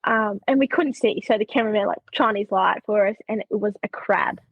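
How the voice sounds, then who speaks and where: A young Australian woman telling stories as a podcast guest, animated, laughing often and saying "like" a lot. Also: medium pitch, a little fast, slightly rough, dry recording, narrow, tinny audio. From Queensland, Australia. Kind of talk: casual storytelling.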